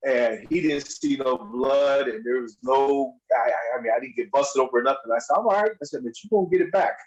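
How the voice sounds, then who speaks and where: A man telling wrestling stories as a podcast guest, in a casual, animated way, acting out other people's lines in a raised voice and laughing often. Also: medium pitch, fairly quick, lo-fi sound. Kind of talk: casual storytelling.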